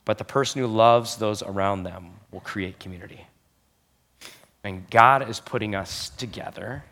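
A young adult man delivering a sermon from the pulpit, his voice sitting a little low. He talks earnestly and with emphasis, drawing out the key phrases. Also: a bit bright. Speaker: pastor.

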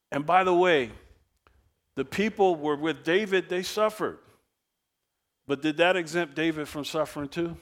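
A man preaching a sermon, telling the story in a lively, conversational way and acting out the quoted speakers. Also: a little high. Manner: animated storytelling preacher, acts out quoted voices; casual, chuckles often. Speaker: pastor.

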